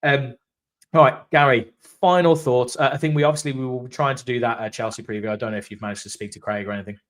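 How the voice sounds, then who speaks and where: A man's voice: mid-range voice, flat delivery, racing, a bit bright. A man hosting a casual football fan podcast, prompting his co-host with brief, hesitant remarks.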